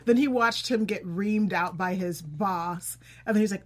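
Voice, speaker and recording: A woman's voice: mid-range voice, measured pace. A woman co-hosting a casual TV review chat, who speaks emphatically and chimes in with her own reactions. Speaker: podcast co-host.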